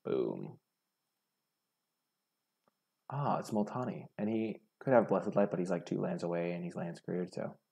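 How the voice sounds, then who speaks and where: A young gaming streamer with a very low, gravelly, husky voice casually talks through his own card game, thinking aloud and picking apart his plays. He speaks fairly quickly in a mellow way.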